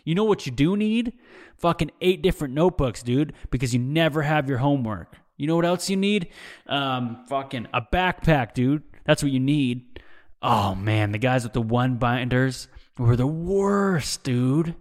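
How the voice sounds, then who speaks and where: A man's voice: medium pitch, normal speed. Rambling, cursing young man. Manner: profane, rambling, says "dude" a lot. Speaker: podcast host. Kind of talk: casual rambling monologue. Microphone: desk mic, seen drinking on video.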